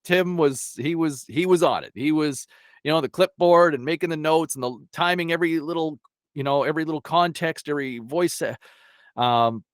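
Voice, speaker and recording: A man's voice: a little high, brisk, no echo, studio quality. A man, a sports broadcaster, telling stories as a guest on a podcast and acting out the people he quotes. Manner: animated, acts out quotes with lively voice shifts. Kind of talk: casual storytelling in a podcast.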